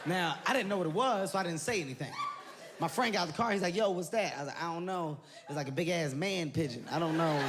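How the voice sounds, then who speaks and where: A man doing stand-up comedy, telling an animated story and acting out voices, laughing as he goes. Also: high-pitched. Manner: excitable, animated, breaks into laughter, acts out voices. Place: large venue with live audience. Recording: live show with loud crowd noise.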